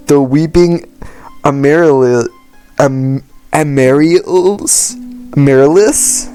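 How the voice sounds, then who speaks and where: A man's voice: mid-range voice, dark tone, lightly acted. A man reading the lines of a clumsy, unlucky, anxious young adventurer from a game, telling stories against himself and stumbling over hard words. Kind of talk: reading game dialogue aloud.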